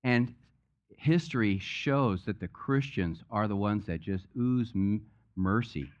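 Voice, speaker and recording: A man's voice: on the low side, takes it slowly, muffled recording. Conversational male pastor preaching a sermon. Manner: conversational, joke-telling preacher. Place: church sanctuary.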